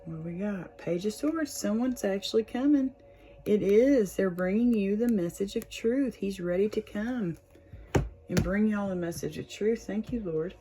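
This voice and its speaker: A young woman reads tarot for her viewers in a casual, chatty way, full of warmth, frequent laughs and plenty of "y'all." She's the channel host, talking to camera in a mid-range voice at a measured pace. The recording quality is low.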